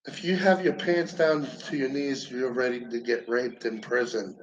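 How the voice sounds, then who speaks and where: A man giving a rambling stand-up comedy monologue, halting and profane, with lots of fillers and restarts. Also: mid-range voice, fairly even intonation, lo-fi sound. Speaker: amateur comedian.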